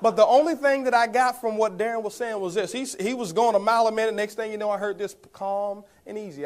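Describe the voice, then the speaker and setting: This network marketing speaker talks fast in a high-pitched voice, with hardly any pauses. During his motivational talk he tells the audience his story, calling them guys and letting out chuckles as he goes.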